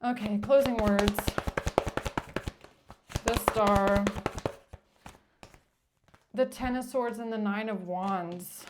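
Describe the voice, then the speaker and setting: A woman's voice: medium pitch, steady tone, drawn-out words, pauses often, noisy background. A woman giving a tarot reading in a blunt, emphatic way, cursing when she gets frustrated. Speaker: tarot reader.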